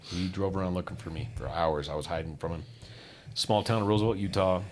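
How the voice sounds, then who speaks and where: A man telling his own life story candidly, acting out what others said and dropping low and quiet on the painful parts. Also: a little fast. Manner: candid, acts out quoted voices, drops low on painful parts. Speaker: guest. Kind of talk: personal storytelling.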